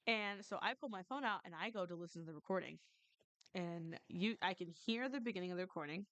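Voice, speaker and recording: A woman's voice: lowish voice, quick pace, fairly bright tone, no room sound. A woman casually telling a ghost story to her stream, rambling with many restarts and some swearing.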